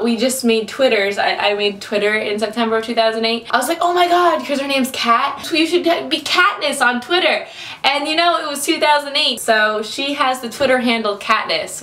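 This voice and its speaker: A young woman in her twenties tells a story to her camera, bubbly and animated, acting out her own reactions. Her voice sits a little high. The sound bounces around a roomy space. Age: 20s. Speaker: vlogger. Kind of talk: casual storytelling vlog.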